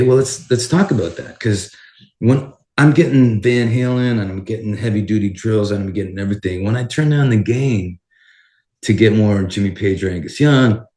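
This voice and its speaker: Guitar guy telling stories in an interview, lowish voice, sounds kinda roomy, acts out who said what. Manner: animated, acts out conversations, swears casually. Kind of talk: casual interview storytelling.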